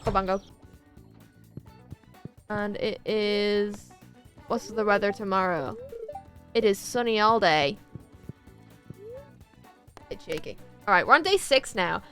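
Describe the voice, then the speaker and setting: A woman's voice: mid-range voice, slow pace, pauses often, fairly bright tone, soft background music. A woman chatting casually with her viewers while she plays a farming game, rambling and talking to chat as she goes. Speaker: streamer.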